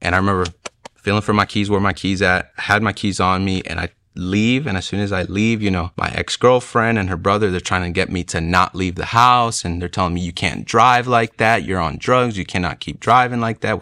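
A man's voice: low voice, bright, forceful tone, no room sound. A young man telling a personal faith testimony in an earnest, emotional way, full of casual fillers. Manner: earnest, emotional, many "like" and "you know" fillers. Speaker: speaker sharing a conversion testimony.

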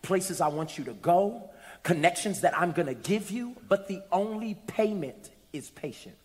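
A man preacher voicing the Holy Spirit as a calm, gentle, hushed divine voice asking questions in a sermon. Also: high-pitched, moderate pace, in a large hall.

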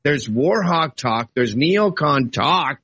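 Animated man arguing politics. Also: a little high, slow, breathy edge, no room sound. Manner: animated, argumentative, swings between casual and exclaiming. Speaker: political guest. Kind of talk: heated political debate.

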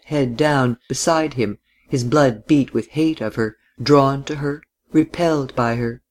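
A man reading a literary novel aloud in a measured, deliberate audiobook narration. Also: medium pitch.

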